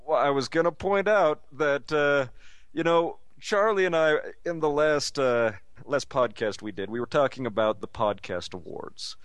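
Dry-humored podcast host, slightly high. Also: male voice, moderate pace, a bit bright, no room sound. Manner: dry, teasing. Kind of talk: casual comedic chat.

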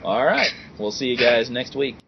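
A man co-hosting a casual podcast, talking in an animated, sarcastic and exasperated way. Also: mid-range voice, moderate pace, highs cut off. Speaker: podcast co-host.

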